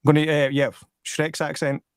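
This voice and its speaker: A man's voice: fairly high pitch, little pitch movement, normal speed, smooth, no room sound, clean studio sound. A Scottish man in casual chat about films, thinking aloud as he hands out ratings. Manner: chatty, thinks aloud and rates things. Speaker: film discussion host.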